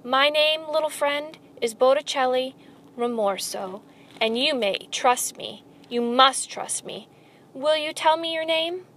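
A woman's voice: sits high, fairly bright tone, slight background noise, voice pushed up. Woman doing a sly villainous rat. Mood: coaxing. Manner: silky, theatrical, drawn-out. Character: sly villainous male rat, smooth and mocking. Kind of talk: storybook read-aloud.

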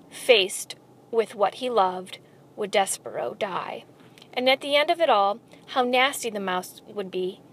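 Expressive woman reading a storybook aloud. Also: on the high side. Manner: expressive, addresses the listener directly.

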